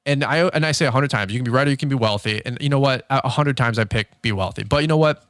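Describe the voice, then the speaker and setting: Male podcast host, 30s, candid and animated storyteller, mid-range voice, dry close recording. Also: mid-range voice, fast talker, no room sound. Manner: animated storyteller who reenacts conversations, frank and fired up. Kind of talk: candid motivational podcast monologue.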